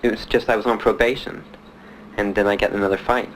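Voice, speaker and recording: A man from Miami, a Marine veteran, telling his story in an interview, plain-spoken and halting with many fillers. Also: lowish voice, fairly even intonation, fairly bright tone, slight background noise, rough recording. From Miami, United States. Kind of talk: interview recollection.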